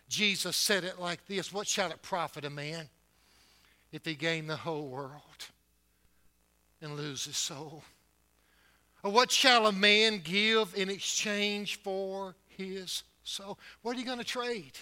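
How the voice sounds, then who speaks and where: Bright, emphatic preaching man. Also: high-pitched, slow. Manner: emphatic preaching with wide swings in loudness and pace. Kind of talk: sermon. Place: church building.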